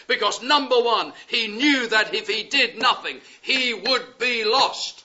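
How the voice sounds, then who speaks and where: A man preaching a sermon, impassioned and pleading, swinging from loud urgent appeals to hushed words. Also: very high-pitched, measured pace, few pauses. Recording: dull lo-fi sound.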